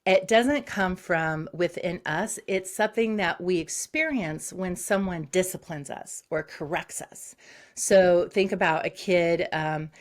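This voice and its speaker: A woman psychologist, a guest on an interview show, who explains concepts briskly and acts out short examples. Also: lowish voice. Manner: explains quickly with acted-out examples.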